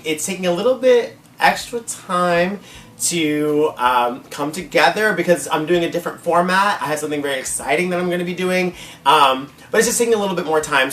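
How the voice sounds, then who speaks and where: A woman's voice: on the low side, fairly bright tone. Sassy chatty drag queen in echoey room. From United States. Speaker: manga collector vlogger. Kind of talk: casual haul vlog. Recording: echoey room, faint ambient noise.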